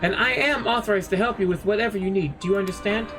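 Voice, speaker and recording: A man's voice: high voice, quick pace, natural voice. A man voicing a prim middle-aged woman librarian who calls people dearie, sweet but guarded. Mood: flustered, hushed. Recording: game music playing underneath.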